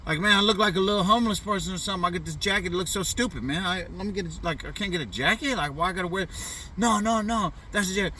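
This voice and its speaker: A man's voice: high-pitched, rapid-fire, hardly any pauses, sharp tone, far from the mic, slight background noise. Laid-back man telling a profane story. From US Pacific Northwest. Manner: loose, profane street slang with frequent "you know what I'm saying". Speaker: vlogger. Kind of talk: casual storytelling.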